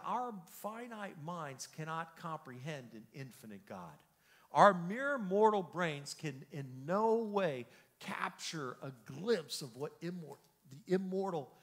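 Animated, bright-voiced male pastor. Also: fairly high pitch. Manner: animated, jokey, exclaims and repeats words. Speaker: pastor teaching a Bible study. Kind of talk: lively sermon-style teaching. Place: church hall.

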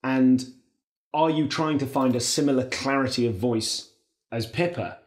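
A man hosting a comedy podcast, asking measured, thoughtful questions. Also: mid-range voice, darkish tone. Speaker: podcast host. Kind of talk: podcast interview.

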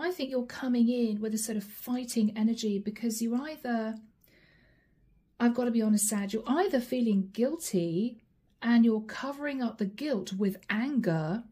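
A woman's voice: on the high side, moderate pace, mellow, breathy edge. A woman giving a tarot reading, addressing the viewer directly with probing, repeated questions. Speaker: tarot reader.

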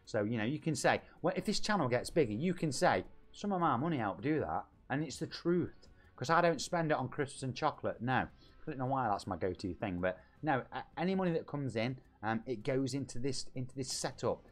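Excitable British man hyping his stream. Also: mid-range voice, brisk, soft background music. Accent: British English. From England. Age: 40s. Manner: excitable, hype shout-outs and banter with chat. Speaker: game streamer. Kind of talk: lively live-stream chat. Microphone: home streaming microphone.

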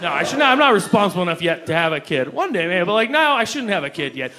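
A fast-talking young man performs a stand-up set on a comedy club stage, animated and jumping into high-pitched acted voices for the people he quotes in his stories. It's a live club recording with loud crowd noise and audience laughter.

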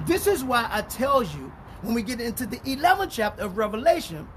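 A man preaching as a pastor in a street-style Bible teaching, swinging between low mutters and shouted bursts and reading scripture slowly and emphatically. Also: big pitch swings, slight background noise.

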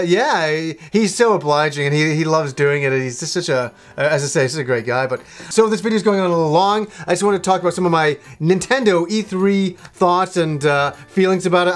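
Rambling, excitable man vlogging at home. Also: a little high. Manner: rambling and enthusiastic, many fillers and restarts. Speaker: video game vlogger. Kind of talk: casual chat to camera. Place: a room at his home.

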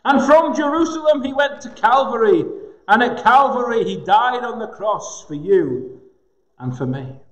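A man preaching a sermon in a gospel hall, slow and emphatic with dramatic pauses. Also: very high-pitched, expressive, fairly bright tone. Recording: echoey hall with long reverb.

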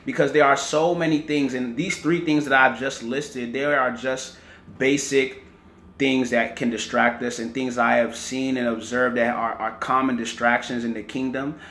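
A man's voice: mid-range voice, fairly even intonation, moderate pace, fairly bright tone, reverberant. A man preaching a teaching sermon, often repeating words and checking in with "right?" and "amen".

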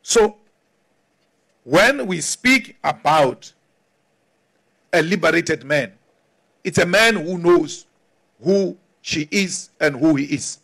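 A man giving a forceful, defiant political speech. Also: fairly high pitch, animated, takes it slowly, creaky, long pauses. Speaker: politician addressing a crowd.

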